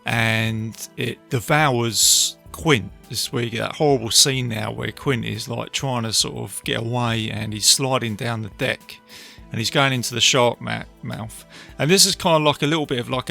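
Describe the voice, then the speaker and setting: A man talks through a film review on his own podcast, rambling a little and retelling scenes with plenty of fillers. His voice is bright and edged, with a steady gravelly fry. Faint music plays behind him. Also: mid-range voice, normal speed, few pauses. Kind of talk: casual solo film review. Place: beach outdoors.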